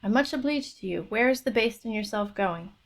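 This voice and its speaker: A woman's voice: fairly high pitch, animated, a little fast. A woman voicing a grateful stray dog in a read-aloud folk tale.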